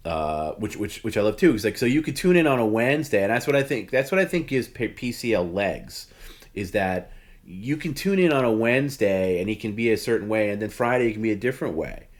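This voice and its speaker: Rambling man with a lowish voice. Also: expressive, brisk. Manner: rambling, heavy use of like and you know, laughs often. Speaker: host. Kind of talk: casual chat on a livestream.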